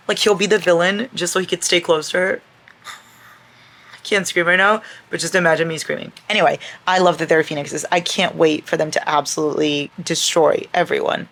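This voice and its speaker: A woman's voice: fairly low pitch, fairly even intonation, brisk, fairly bright tone. A young woman chatting casually as a reading vlogger at home, gushing and exasperated about her book and swearing freely. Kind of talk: casual chat.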